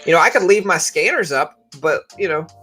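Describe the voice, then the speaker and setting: A man's voice: a little high, animated, a little fast, bright, forceful tone, slightly rough, faint music behind. A young man hosting a casual trading livestream, chatty and loose, often restarting his sentences. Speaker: trading streamer.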